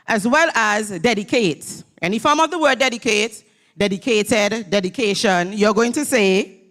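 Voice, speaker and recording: A woman's voice: on the high side, normal speed, fairly bright tone. A woman giving a motivational graduation address in a church. She speaks emphatically and leads call-and-response with her audience. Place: church hall at a graduation ceremony.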